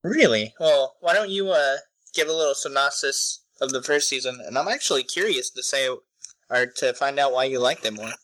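A young man co-hosting a podcast, chatting casually with animated, incredulous reactions. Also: medium pitch, normal speed, no echo, rough recording. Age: young adult. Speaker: podcast co-host. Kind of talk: casual chat.

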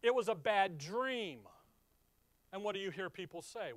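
A man preaching a conversational Bible-teaching sermon, often asking the listeners questions and swinging from emphatic loud lines to quiet ones. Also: high-pitched, moderate pace, dry recording.

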